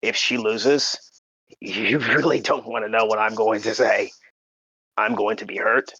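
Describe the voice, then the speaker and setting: A man co-hosting a podcast, talking in a halting, emotional way full of fillers and restarts, fighting back tears. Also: lowish voice, steady tone, bright, forceful tone, husky, no room sound, highs cut off. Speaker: podcast co-host. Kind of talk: casual podcast chat.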